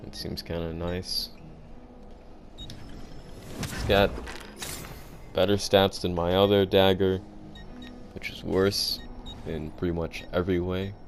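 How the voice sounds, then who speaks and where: A man's voice: deep voice, flat delivery, slow, pauses often, faint music behind. A man giving casual, joking commentary while playing a video game, offhand and self-deprecating. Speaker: let's play gamer.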